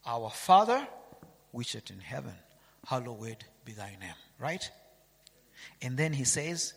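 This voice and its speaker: A man's voice: mid-range voice, expressive, a little slow, gravelly, fairly bright tone, husky, long reverb tail. A man preaching a sermon, reading scripture aloud and asking his listeners rhetorical questions.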